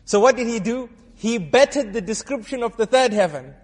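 A man's voice: very high voice, normal speed. A male Islamic preacher telling a story in a sermon, quizzing and teasing his audience as he goes. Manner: lively storyteller who quizzes and teases the audience. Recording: long hall reverb.

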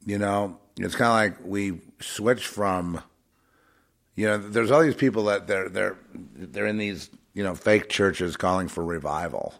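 A man's voice: low-pitched, measured pace, gravelly, fairly bright tone. A man giving an unscripted spiritual monologue in a blunt, repetitive way with scornful asides.

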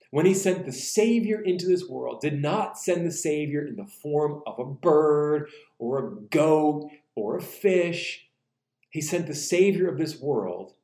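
A man preaching a sermon in an animated way, acting out quoted voices and slowing down for emphasis. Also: on the high side, echoey room. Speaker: pastor.

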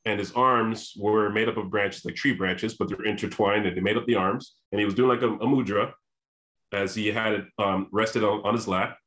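A man telling a long personal story, animated, often restarting his sentences and acting out what people said. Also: fairly low pitch, moderate pace. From Canada. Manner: animated, repeats and restarts, acts out quoted voices. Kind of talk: storytelling monologue.

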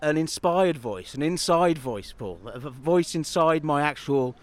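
A man's voice: fairly high pitch, animated, a little slow. Rambling man in a park. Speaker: co-host, guide of the walk. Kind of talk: casual outdoor walking chat. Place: outdoors in a city park.

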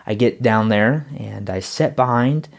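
A man telling his own story in a casual interview, rambling and repeating words as he grows excited. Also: fairly low pitch, unhurried, gravelly.

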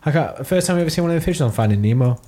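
A young man co-hosting a podcast, quick with jokes and reactions in casual chat. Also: on the high side, lively intonation, mellow. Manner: jokey, quick reactions, laughs along. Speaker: podcast co-host.

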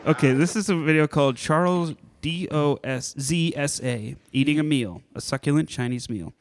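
A man's voice: fairly high pitch, normal speed, slight background noise. A man hosting a casual comedy podcast, laughing often and swearing freely. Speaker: podcast host.

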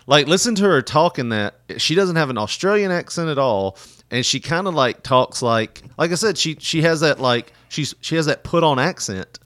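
A man chatting casually on a podcast, laughing often and leaning on fillers. His pitch swings lively and sits slightly high. The recording is dry and close. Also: normal speed, no echo. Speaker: podcast co-host. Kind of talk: casual chat.

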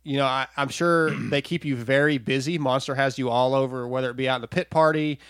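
Over a call, a podcast host runs a casual interview, chatty and given to stammering restarts. His mid-range voice is fairly even, a little fast, and fairly bright with a clear, resonant tone, captured in a dry, studio-quality recording.

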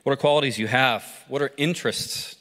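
A man preaching through a story, pausing to ask listeners reflective questions. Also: medium pitch, a bit bright. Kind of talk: sermon told as a story. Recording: long hall reverb.

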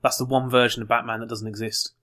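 A man's voice: medium pitch, level tone, sharp tone. A man in casual chat, eagerly arguing points and adding details about TV shows. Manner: chatty, quick to argue and add details.

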